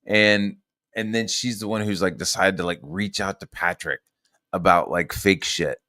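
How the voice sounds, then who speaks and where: A low-pitched man vents through a long, profane story, stacking fillers and restarts as he goes. His voice sits dry and close, with no room sound around it. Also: steady tone, moderate pace, bright, forceful tone, no echo. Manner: profane, rambling, heated, full of fillers. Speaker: podcast host. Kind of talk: casual storytelling rant.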